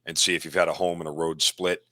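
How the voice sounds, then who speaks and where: A man's voice: extremely low pitch, level tone, fast, sharp tone, dry recording, clean studio sound. A man talking sports betting as an analyst, blunt and self-deprecating, working through stats. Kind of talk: casual sports betting talk.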